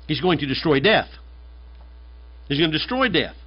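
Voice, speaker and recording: A man's voice: a little high, sing-song, moderate pace. A man from the United States, a pastor, preaching a conversational and emphatic sermon, often repeating his phrases. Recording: dull lo-fi sermon recording.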